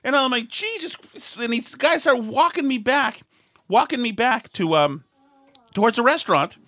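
A middle-aged man telling a rambling, self-mocking story in a casual chat, often restarting and acting out angry shouts. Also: extremely high pitch, lively intonation, moderate pace, no echo. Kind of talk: casual anecdote.

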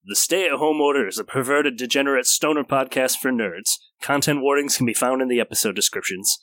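A man's voice: medium pitch, fairly quick, fairly bright tone, no echo, rough recording. A man narrating a tabletop game as game master, in a casual, loose way.

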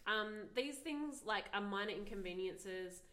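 A woman's voice: medium pitch, lively intonation, a little slow, pushed and bright, slight background noise. Wry, advice-giving woman. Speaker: podcast co-host. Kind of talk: casual frank chat.

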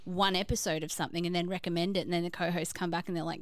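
A woman's voice: on the low side, fairly even intonation, racing, dry recording, studio quality. Chatty woman podcast host. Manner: chatty, rambling, laughs often. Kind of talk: casual podcast chat.

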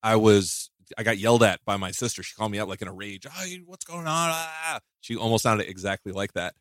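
A man's voice: on the low side, flat delivery, fast talker, no echo, studio quality. A man hosting a podcast, chatting casually and rambling with restarts and self-mocking jokes. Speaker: podcast host.

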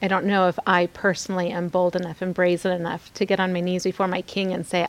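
A woman's voice: on the low side, little pitch movement, fast, few pauses. A woman hosting a devotional podcast, teaching scripture in an earnest, exhorting way, repeating phrases for emphasis and adding candid, confiding asides.

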